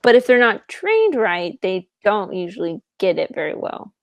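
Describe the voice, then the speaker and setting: A woman co-hosts a podcast in a relaxed, chatty way, with filler words all through her speech. Her voice sits at an ordinary pitch, and the recording is dry and close, with no room sound. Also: normal speed, no echo. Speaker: podcast co-host. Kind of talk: casual chat.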